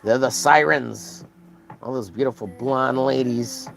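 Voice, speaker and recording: Gravelly American man streaming casually. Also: medium pitch, unhurried, a bit bright, poor audio. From Texas. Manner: rambling, crude joking. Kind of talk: casual chat while drawing on stream.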